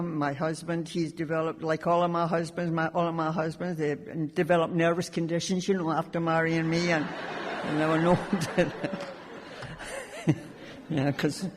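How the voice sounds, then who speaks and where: A woman from Scotland sharing her recovery story at a meeting, with wry, self-mocking humor. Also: low voice. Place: large conference hall. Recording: long hall reverb.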